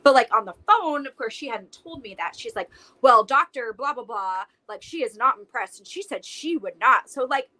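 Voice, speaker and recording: A woman's voice: fairly high pitch, expressive, normal speed, sharp tone, low-quality recording. A young adult woman, a podcast guest, telling her story in casual chat with lots of fillers. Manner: talks emotionally with many "like"s.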